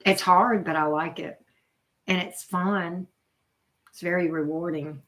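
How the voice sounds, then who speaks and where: A woman's voice: fairly low pitch, steady tone, measured pace, a bit bright. Chatty woman reacting to live chat. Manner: chatty, reacts to chat names, exclaims often. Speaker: channel host reading live chat. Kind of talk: casual live-stream chat.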